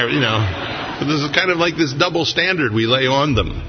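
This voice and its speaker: A man's voice: a little high, lively intonation, brisk, background noise. A man preaching a sermon as pastor, telling family stories with humor before turning earnest and reflective. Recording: dull lo-fi recording in a reverberant hall.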